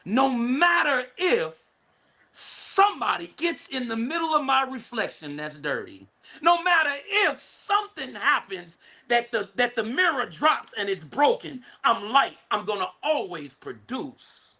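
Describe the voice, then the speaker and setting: A man preaches to a class in a high, bright voice. His pitch swings widely as he repeats words, restarts phrases and talks right at his listeners. At times he lifts into a near shout. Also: very animated, unhurried, creaky. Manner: addresses listeners directly, rising to shouts. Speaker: guest speaker, licensed therapist. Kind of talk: energetic spiritual teaching to a class.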